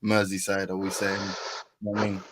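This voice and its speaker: A man's voice: deep voice, monotone, a little fast, fairly bright tone, no echo, rough recording. A man in a casual group chat over a video call, talking hesitantly with lots of fillers. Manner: hesitant, filler-heavy, laughs easily. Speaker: panel guest.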